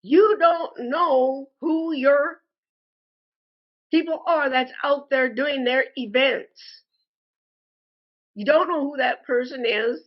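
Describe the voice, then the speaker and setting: Fed-up lady ranting slow about bad service, high voice, kinda muffled lo-fi audio. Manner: slow, deliberate and indignant, addresses viewers as "folks". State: frustrated and angry. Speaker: customer posting a complaint review. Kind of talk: angry complaint monologue.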